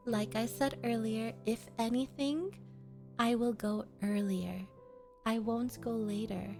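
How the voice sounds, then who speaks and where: A woman's voice: a little high, unhurried, music in the background. A woman VTuber streamer chatting casually with her viewers, playful and teasing as she coddles them. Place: home streaming setup.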